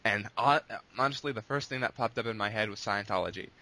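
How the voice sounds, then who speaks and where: Male interview guest, casual and rambling, with a bright, forceful tone. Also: lowish voice, fast. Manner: long-winded, rambling with restarts. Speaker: guest, abridged series creator.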